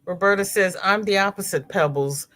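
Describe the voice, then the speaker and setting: A woman hosting a crochet livestream, chatting casually and reading viewers' comments aloud, expressive and often laughing. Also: mid-range voice, normal speed.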